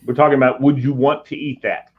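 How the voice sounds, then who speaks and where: A man's voice: medium pitch, little pitch movement, quick pace, slightly rough. A man hosting a casual group video chat, joking and chatty with playful asides. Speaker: host. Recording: dull lo-fi sound with faint noise.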